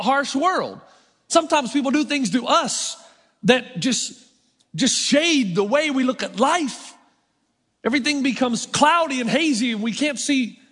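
A man's voice: extremely high pitch, a bit bright. A middle-aged man preaching a sermon as pastor, talking conversationally with self-mocking humor. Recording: long hall reverb.

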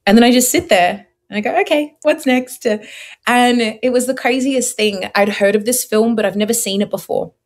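A young woman from Australia, a guest sharing her faith story in an earnest, expressive way, with many fillers. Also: on the high side, fairly quick, hardly any pauses. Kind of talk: testimony interview.

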